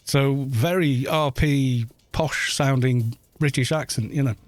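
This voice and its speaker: A man's voice: mid-range voice, slow, no room sound, soft background music. A man from Wales chatting casually on a gaming live stream, rambling, laughing often and swearing at the game.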